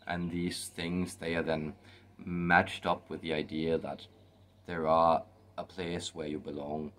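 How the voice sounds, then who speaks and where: A man voicing a wise, whimsical male spirit guide with a put-on Irish accent, speaking in a sing-songy, formal, measured way as channeled spiritual teaching. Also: very deep voice, slight background noise.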